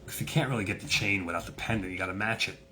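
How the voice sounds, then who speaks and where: Low-voiced man telling a swaggering story. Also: very fast, pushed and bright, a little hiss or hum. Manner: profane and swaggering, acts out the people in his story. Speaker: host. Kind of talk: casual storytelling.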